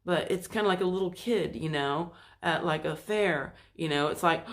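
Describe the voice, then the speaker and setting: At a moderate pace and medium pitch, a spiritual self-help host rambles through a relaxed monologue, often restarting and loosely phrasing things while acting out quotes in passing.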